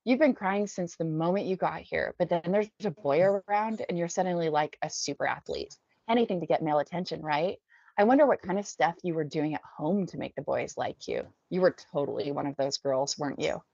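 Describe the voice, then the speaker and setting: A woman's voice: deep voice, fairly quick, creaky, a little mellow, dry recording. A woman voicing a cruel teenage girl who sneers and pries. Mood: taunting. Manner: sneering, taunting. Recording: dull dry lo-fi recording.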